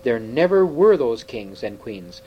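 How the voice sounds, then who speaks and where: A man's voice: mid-range voice, sing-song, measured pace, highs cut off, slight background noise. A man reading aloud, voicing a stern, domineering king who speaks in cold, thundering commands.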